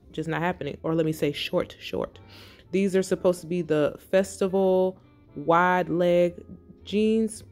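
A middle-aged woman narrating her fashion haul in a quiet, breathy, relaxed ASMR-style voice-over. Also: deep voice, unhurried, soft background music. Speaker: fashion vlogger.

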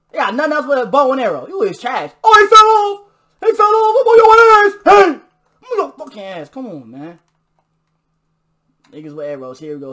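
A man giving excitable live gameplay commentary, trash-talking and bursting into shouts during fights. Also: sits high. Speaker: gamer. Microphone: new desk mic.

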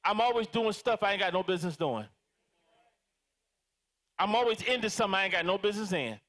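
A man preaching a sermon as pastor, animated and calling out to his congregation for responses. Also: high voice, brisk. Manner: animated, dramatizing prayers in different voices.

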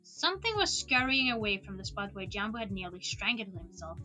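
A woman's voice: medium pitch, sing-song, fairly quick, sharp tone, faint music behind, low-quality recording. A woman streamer reading a novel aloud expressively, with laughing asides, into a desk microphone.

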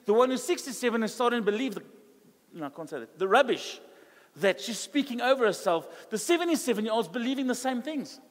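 South african pastor guy, high voice, lively chatty sermon in a big reverby church hall. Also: fast talker. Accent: South African English. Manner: conversational, animated preaching that acts out quoted dialogue.

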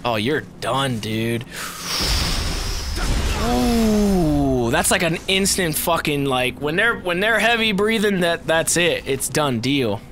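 A man giving profane, excitable let's play commentary, swinging from mutters to shouts and talking to the enemies on screen. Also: fairly high pitch, slow, noisy background. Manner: talks to the game and its enemies. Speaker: gamer.

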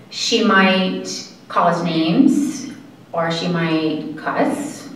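Woman, earnest conversational presenter; roomy hall, distant mic. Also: mid-range voice. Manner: conversational, earnest, halting pauses. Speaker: caregiving presenter. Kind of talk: informal lecture to an audience. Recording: echoey room from far mic.

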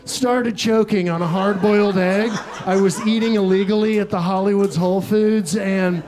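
On a comedy club stage, a young Texan man with a voice that sits high for a man does a stand-up set to a laughing audience. He delivers absurd stories deadpan, tossing in quick asides between them.

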